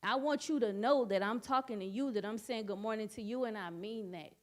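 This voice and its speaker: Woman, church study speaker, earnest testimony that repeats key phrases, mid-range pitch. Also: fairly quick. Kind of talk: personal testimony talk.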